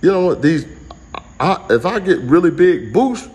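Rambling animated comedian, man. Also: fairly high pitch, normal speed, slight background noise. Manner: rambling, animated, jumps between jokes and asides. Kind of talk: casual live-stream comedy rant.

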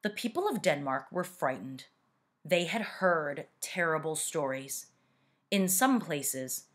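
A woman teacher reading a picture book aloud to students, expressive and deliberate. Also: low voice.

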